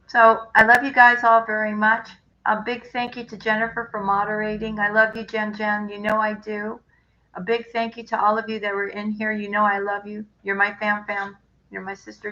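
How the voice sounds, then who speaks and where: A woman tarot reader talking warmly to viewers on a live stream, chatty and affectionate, often checking in with "right?". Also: medium pitch, dull audio.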